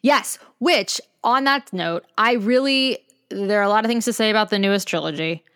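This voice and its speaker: A woman co-hosting a podcast, speaking at an ordinary middle pitch. She talks in loose, chatty runs strung together with "like". The recording is close and dry, with no room sound. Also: normal speed, fairly bright tone, clean tone, no echo. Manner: chatty, strings thoughts together with "like". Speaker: podcast co-host. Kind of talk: casual chat.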